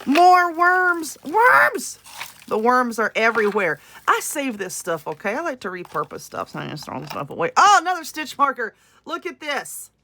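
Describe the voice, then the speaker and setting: A woman with a Southern US accent and a bright, forceful, somewhat high voice unboxes crafting supplies in a casual vlog. She gushes and exclaims with excitement as she goes.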